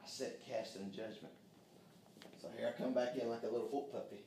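A man preaching a sermon, fervent, calling out amen and dropping to hushed tones. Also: medium pitch, fairly even intonation, a little fast, a little hiss or hum. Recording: echoey room, mic far off.

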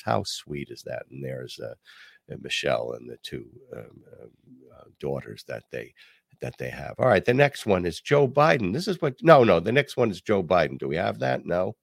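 An older man hosting a talk podcast, telling stories and reading quotes in a casual, animated way. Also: low voice, creaky, dry recording, clean studio sound. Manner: animated, reads quotes aloud, pauses with ums. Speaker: podcast host. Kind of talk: casual commentary and storytelling.

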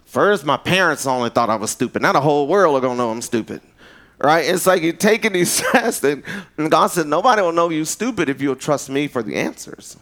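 A preacher tells his sermon like a story, with plenty of animation. Each time he voices someone else's words, he jumps up in pitch.

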